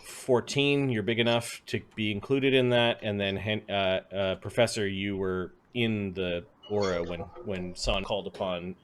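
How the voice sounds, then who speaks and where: A man narrating as game master of a tabletop game, relaxed and chuckling, with many fillers. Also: lowish voice, measured pace, hardly any pauses, a little hiss or hum.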